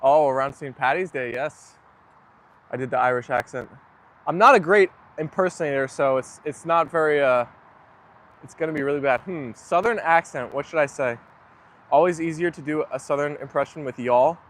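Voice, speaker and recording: Man, slightly high pitch, chatting to viewers from his phone while outdoors in the rain; rambling and self-deprecating. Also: moderate pace, a bit bright. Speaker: dog owner livestreaming to viewers. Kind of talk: casual live chat. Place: outdoors on a rainy, muddy walk.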